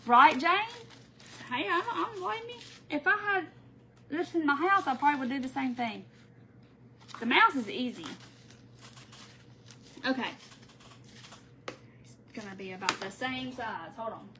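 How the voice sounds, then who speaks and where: A chatty woman with a high, bright voice. She hosts a casual craft livestream from home, laughing often and answering viewers by name as she works. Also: lively intonation, a little slow, pauses often, a little hiss or hum, low-quality recording. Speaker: craft tutorial host.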